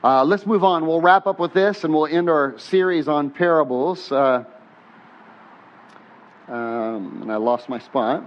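A man preaching a sermon as pastor, talking with the congregation and having them say lines back to him, his voice rising on questions and dropping soft on prayers. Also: fairly high pitch, unhurried. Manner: conversational, asks the congregation to repeat lines. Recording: dull muffled sermon recording.

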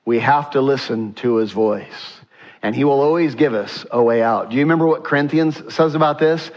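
A man's voice: medium pitch, moderate pace, a little mellow. A man preaching a sermon in a conversational way, asking the congregation questions and acting out the text. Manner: conversational, asks the congregation questions, acts out quotes. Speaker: pastor. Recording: dull lo-fi sound.

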